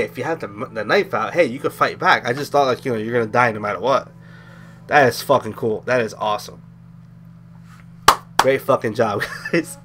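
A man talking through a video game in a loose, rambling way, swearing freely as he recaps what he just played. His pitch sits in an ordinary middle range for a man. Faint game music plays underneath him. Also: a bit bright. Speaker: gaming commentator. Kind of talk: let's play commentary.

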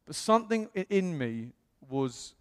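A man from the United Kingdom preaching in a church, telling his story in a chatty, animated way with self-quotes. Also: on the high side, unhurried, clear, resonant tone. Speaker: pastor. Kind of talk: storytelling sermon. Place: church hall. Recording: long church-hall reverb.

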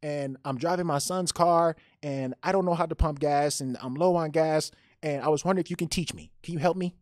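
A woman's voice: low voice, brisk, darkish tone, dry recording, voice pushed up, natural voice. Man putting on a tiny nervous old woman with a Chinese accent. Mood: anxious pleading. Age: 70s. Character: tiny frail elderly woman, nervous and polite.

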